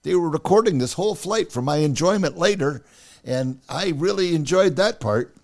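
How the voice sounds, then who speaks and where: A man's voice: a little high, moderate pace, gravelly. A man hosting a podcast, telling a personal story in a casual way and acting out the dialogue as he goes. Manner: animated, acts out the dialogue. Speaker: podcast host.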